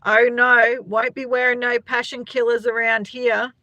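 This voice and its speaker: A woman's voice: on the high side, flat delivery, a little slow, pushed and bright, no echo, muffled recording. A middle-aged Australian woman chatting casually on a live stream, rambling and greeting viewers by name as she reads their comments. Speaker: livestream host.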